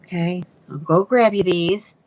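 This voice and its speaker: Woman, livestream seller, chatty, greets viewers by name, fairly low voice. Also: unhurried, a little mellow. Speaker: live-selling wig seller. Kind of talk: casual livestream sales chat.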